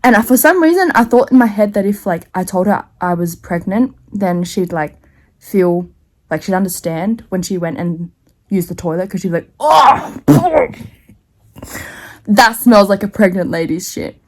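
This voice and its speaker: A woman's voice: fairly low pitch, moderate pace, a little mellow. A young woman telling a rambling, embarrassing story to camera, often breaking into laughter and slang. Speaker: vlogger.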